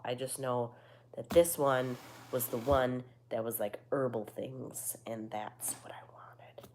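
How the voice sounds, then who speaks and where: A woman in her thirties with a nasal voice that is going hoarse, chatting casually with viewers and swearing freely between fillers. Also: deep voice, noisy background. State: losing her voice. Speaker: vlogger. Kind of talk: casual chat to a live audience.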